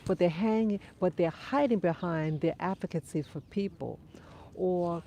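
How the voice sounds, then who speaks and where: Speaking into her phone while walking her dogs outdoors, a livestream host with a runny nose replies to viewers' comments in an easygoing chat. Her voice is lowish, mellow, and thoughtful, and faint outdoor ambience creates slight background noise.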